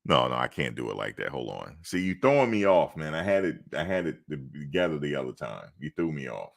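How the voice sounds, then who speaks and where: Super deep raspy guy on a sports stream, reading chat and teasing people back. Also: sing-song, a little fast. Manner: teasing, talks back to chatters. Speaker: sports channel host. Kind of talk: casual livestream chat, reading viewer comments.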